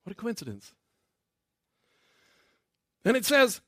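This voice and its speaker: A man preaches with a bright, high-pitched voice that swoops up and down as he retells a scripture story. He drops in playful character bits and jokes along the way. The sound is dry, with no room echo. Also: very animated. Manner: playful, acts out the characters in quick asides. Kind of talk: animated sermon retelling a Bible story.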